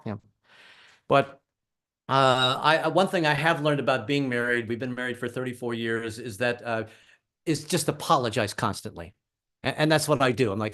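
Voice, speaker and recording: A man's voice: mid-range voice, lively intonation, fairly quick. A middle-aged man doing a stand-up comedy set, wry and self-deprecating.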